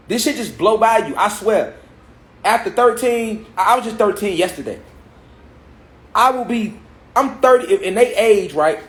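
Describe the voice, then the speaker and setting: A man's voice: high-pitched, fairly bright tone. Emphatic man lecturing in an echoey room. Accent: African American Vernacular English. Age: 30s. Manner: preachy, rhetorical questions, emphatic repetition. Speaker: speaker addressing a gathered audience. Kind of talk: spiritual lecture. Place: large room with an audience.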